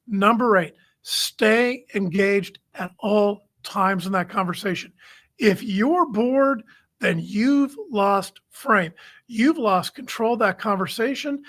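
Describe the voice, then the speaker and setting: A man's voice: high voice, fairly bright tone. A man hosting a recruiting show, giving numbered coaching tips straight to the camera in a firm, plain-spoken way. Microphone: camera-facing webcast.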